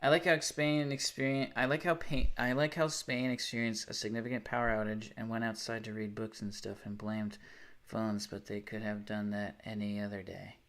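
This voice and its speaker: A man's voice: on the low side, little pitch movement, moderate pace, fairly bright tone. Sarcastic young man chatting on stream. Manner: rambling, sarcastic, swears freely. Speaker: livestreamer. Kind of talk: casual live-stream chat.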